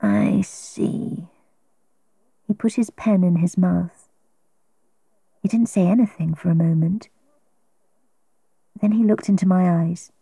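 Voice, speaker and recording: A woman reading a story aloud in first person, slow and deliberate. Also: fairly low pitch, vocal fry, dark tone, breathy edge, no echo. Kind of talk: scripted storybook narration.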